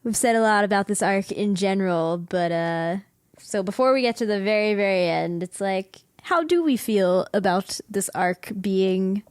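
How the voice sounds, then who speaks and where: Woman podcast host, casual and giggly, mid pitch, dry close sound, acts out quotes in her chat. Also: moderate pace, smooth, no room sound. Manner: chatty, laughs often, acts out quoted lines.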